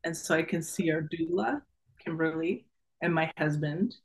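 A middle-aged woman being interviewed tells a personal story in a lively, casual way, laughing often and acting out the voices of the people in it. Her voice is low and she speaks at a normal speed, though the recording quality is poor.

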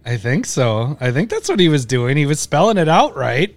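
A man's voice: a little high, big pitch swings, normal speed. A man hosting a card-guessing game, chatting casually, teasing and laughing often. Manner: giggly, teasing. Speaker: host giving clues in a card-guessing game. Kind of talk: casual live-stream chat.

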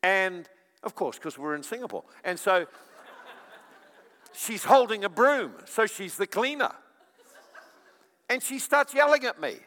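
A male preacher giving a sermon in an animated storytelling manner, with chuckling asides. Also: high-pitched, unhurried. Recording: long reverb of a large hall.

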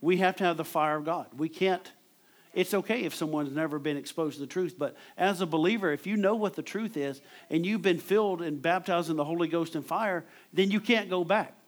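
A man's voice: on the high side, a little fast. A man preaching a sermon in a conversational way, repeating words as he drives home his points.

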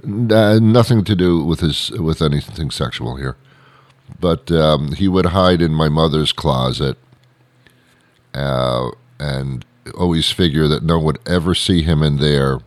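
Middle-aged male storyteller, very low voice, unhurried delivery, digressive and wry. Dry room sound. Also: no echo. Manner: digressive, sarcastic asides, frequent "uh" fillers. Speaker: comedic storyteller. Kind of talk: rambling comic monologue.

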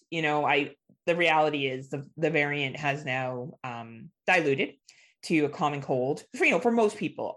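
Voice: medium pitch, fairly bright tone. Teasing, chatty podcast co-host. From Ontario, Canada. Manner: teasing, chatty, talks over the other host. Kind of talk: casual chat.

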